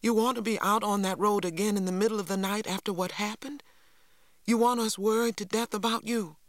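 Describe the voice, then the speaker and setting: A man voicing a worried, sharp-tongued farm wife in a higher, urgent voice. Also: a little slow, dry recording, clean studio sound. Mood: pleading.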